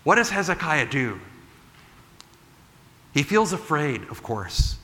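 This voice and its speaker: A man preaching a sermon in a relaxed, conversational way, asking the room questions and retelling a story with energy. His voice is bright and clear, and it carries with a long reverb, as if from a big hall. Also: a little high, takes it slowly. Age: adult. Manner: conversational, animated retelling with frequent "like" and "right?". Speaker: pastor.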